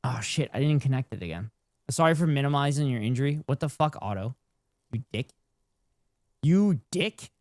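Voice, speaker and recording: A man streaming a video game, chatting casually with his viewers in an excitable, profane way. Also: medium pitch, brisk, no room sound, clean studio sound. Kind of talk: casual live-stream gameplay chat.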